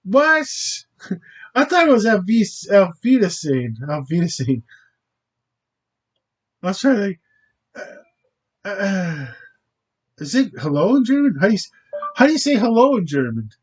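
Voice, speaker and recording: A man's voice: sits high, very animated, normal speed, pauses often, slightly rough, low-quality recording. A man hosting his own channel in a rambling, hesitant casual monologue, often stopping short and fumbling over foreign words. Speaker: channel host.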